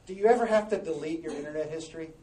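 Animated, high-voiced preaching man. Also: rapid-fire, slight background noise. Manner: animated and conversational, jumping between hushed asides and loud exhortation. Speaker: pastor. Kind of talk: sermon. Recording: echoey room, distant mic, faint ambience.

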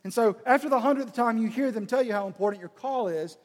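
Man, high-pitched voice, humorous storyteller, animated, long hall reverb. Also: quick pace. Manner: animated, acts out dialogue. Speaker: speaker.

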